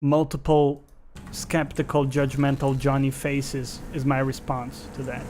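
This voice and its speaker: A man's voice: mid-range voice, level tone, unhurried, a little mellow, slight background noise. A male game streamer giving casual, sarcastic, profane live commentary while playing and chatting with viewers.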